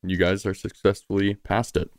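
An easygoing game master with a low voice, narrating scenes and calling for dice rolls. He laughs often, and the sound is dry and close, with no room around it. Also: flat delivery, normal speed, dry recording.

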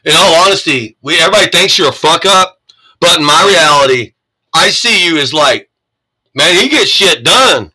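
This profane political rant comes from an American commentator who reads the news and responds angrily and sarcastically, cursing as he goes. His slightly high voice is animated, husky, bright, and forceful at normal speed, captured on a low-quality recording.

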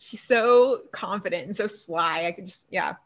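With a fairly low pitch and a moderate pace, this woman co-hosts a podcast, giving a casual rundown of a TV episode. She performs the characters' lines animatedly, swearing freely and laughing along.

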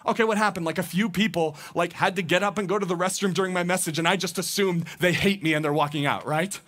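A man, a teaching pastor, preaching a conversational sermon, acting out people's thoughts with lively shifts. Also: sits high, fast. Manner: conversational, animated, acts out quoted thoughts.

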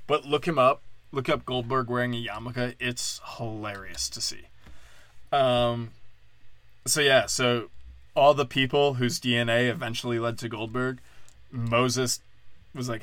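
Man, podcast host, irreverent rambling, laughs often, dry close sound, medium pitch. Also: a little slow, fairly bright tone, no echo. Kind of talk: irreverent comedic monologue.

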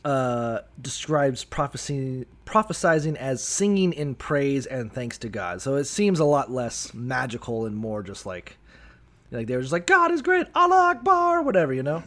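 On a comedy podcast, a co-host with a mid-range voice riffs profanely on a bible story at a measured pace. He is animated and slips into the characters' voices mid-story as part of the comedic bible commentary.

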